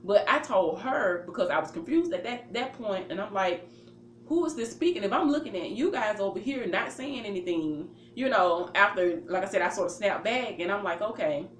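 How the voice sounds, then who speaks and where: A woman's voice: mid-range voice, lively intonation, normal speed, few pauses. A woman casually telling a personal story. She acts out her own reactions and leans on fillers as she goes. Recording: roomy with faint ambient noise.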